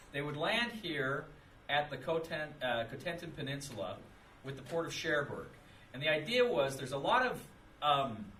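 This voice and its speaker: A man's voice: a little high, a bit bright, slight background noise. A man giving an informal history lecture in a classroom, talking casually and repeating his points. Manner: casual, conversational, with repeated phrases and restarts.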